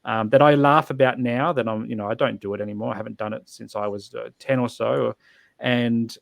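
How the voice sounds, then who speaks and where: Man, podcast guest, earnest reflective storytelling, gravelly voice, dry close sound. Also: medium pitch, steady tone, fairly quick, no echo. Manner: earnest, reflective, with frequent restarts. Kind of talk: personal storytelling.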